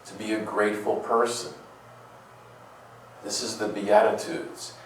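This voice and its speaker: Slow, echoey male homilist. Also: lowish voice, flat delivery, slight background noise. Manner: rhetorical questions, playful asides, repeats words. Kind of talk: conversational sermon. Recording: very echoey room, distant mic.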